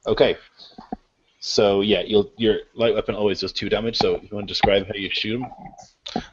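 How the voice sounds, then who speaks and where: A man running a tabletop game as game master, explaining rules in a relaxed, laughing way. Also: lowish voice, normal speed, background noise. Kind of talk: narrating a tabletop game over an online call. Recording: dull lo-fi call audio.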